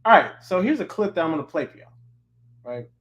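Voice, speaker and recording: A man teaching on a livestream, with lots of fillers and restarts. His voice sits a little high for a man. He talks straight to his students and keeps circling back to the same point. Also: sing-song, fast talker, fairly bright tone, highs cut off. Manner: informal, repeats himself, frequent fillers. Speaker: course instructor. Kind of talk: casual livestream lecture.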